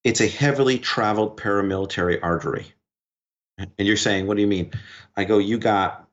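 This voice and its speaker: A man with a fairly low voice recounts a story as a podcast guest. He talks in short bursts and quotes each exchange back and forth. The recording sounds dull and lo-fi. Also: big pitch swings, gravelly, a bit bright. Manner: recounts events in quick short bursts, quoting dialogue. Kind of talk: conversational storytelling.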